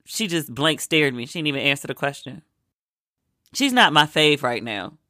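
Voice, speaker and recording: Vlogger from Maryland, home sick, easygoing chatter with acted-out quotes, bright voice, dry room. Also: mid-range voice, sing-song, moderate pace, no echo. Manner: chatty storyteller, acts out quoted lines. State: sick with a cold. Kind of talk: casual chatty monologue.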